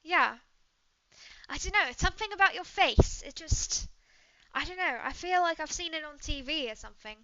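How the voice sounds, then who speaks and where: A woman voicing a poised young British woman trainer who speaks in a prim, gently condescending way with a put-on British accent. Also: high voice, lively intonation, normal speed, muffled recording, voice pushed up. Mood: curious.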